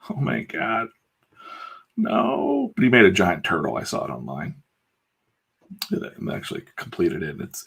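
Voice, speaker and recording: Middle-aged guy w a low gravelly voice, blunt fired-up talk while drawing on a stream. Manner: blunt, pep-talk delivery with mild swearing. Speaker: comic artist streaming his work. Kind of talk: casual chat on a live drawing stream.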